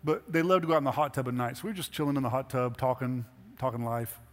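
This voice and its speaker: A middle-aged pastor preaches a sermon in a church sanctuary, speaking quickly in a mid-range voice with fairly even intonation. He talks conversationally and earnestly, building to emphatic exhortations, and the recording carries hall reverb with faint music.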